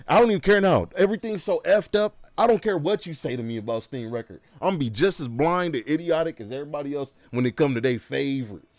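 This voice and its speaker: A man's voice: fairly high pitch, fast, hardly any pauses, dry recording. Emphatic man ranting casually on stream. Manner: animated, emphatic ranting with slang. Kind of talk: casual livestream chat.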